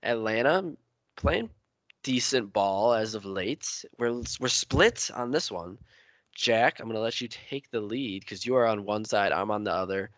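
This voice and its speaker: A man's voice: on the low side, lively intonation, measured pace, fairly bright tone, no echo. A man hosting a casual sports podcast, giving his picks and handing the floor to each guest. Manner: leads the talk, hands off to each guest. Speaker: podcast host.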